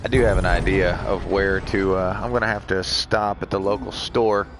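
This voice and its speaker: Joking lowish-voiced gamer man. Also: fairly even intonation, moderate pace, noisy background. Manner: joking, rambling. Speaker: game streamer. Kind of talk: casual gameplay chat.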